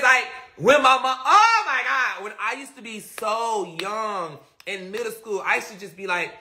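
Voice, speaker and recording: Young male streamer, gravelly and sharp-toned, loose and repetitive, phone mic. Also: sits high. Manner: rambling, repetitive, trails off into mutters; reflective, self-questioning. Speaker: live-stream host. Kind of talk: casual live-stream rant.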